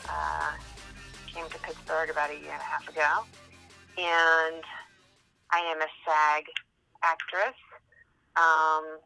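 A woman in her thirties from Massachusetts, an actress chatting as a podcast guest and telling stories in an animated, chatty way. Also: low-pitched, takes it slowly, creaky, long pauses, soft background music, low-quality recording. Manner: chatty, animated storytelling with fillers. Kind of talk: casual interview chat.

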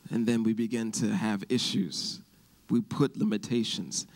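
A man's voice: on the low side, steady tone, unhurried, a little mellow. A male pastor preaching a sermon, asking his congregation questions and acting out the Bible voices as he tells them. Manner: acts out Bible voices in the telling.

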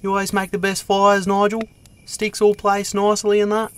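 A man's voice: high-pitched, completely flat delivery, normal speed, clear, resonant tone, lightly acted. A man voicing a laid-back, foul-mouthed Australian male sasquatch in a fan-made cartoon. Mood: chatty. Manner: laid-back, swears a lot, drawls.

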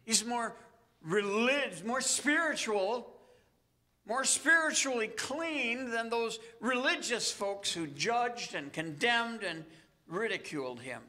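A male pastor preaching a sermon, retelling a story earnestly with dramatic pauses. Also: extremely high pitch, animated, sharp tone.

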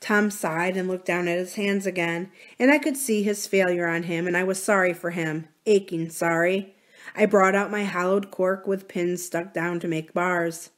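Low-voiced woman reading a novel. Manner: measured, even storytelling. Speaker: library reader.

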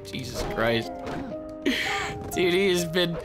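Over loud music, a young man delivers slow, profane let's-play commentary for his gaming YouTube channel. He is excitable, lurching between shrieks and low, growled taunts.

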